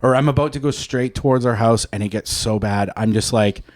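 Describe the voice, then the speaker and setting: A man's voice: mid-range voice, fairly quick. A man in his thirties from Canada, hosting a podcast and telling a story in casual, profane chat, acting out the quotes. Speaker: podcast host.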